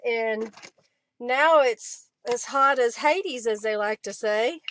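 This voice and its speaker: A woman's voice: high voice, fairly bright tone. A woman hosting a casual crafting live stream from her home craft room, chatting and thinking aloud as she works.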